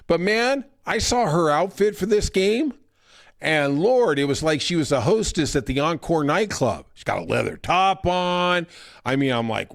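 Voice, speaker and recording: A man's voice: a little high, expressive, unhurried, vocal fry. Sarcastic ranting podcast host man. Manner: sarcastic, ranting, mocking impressions. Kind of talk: casual opinion monologue.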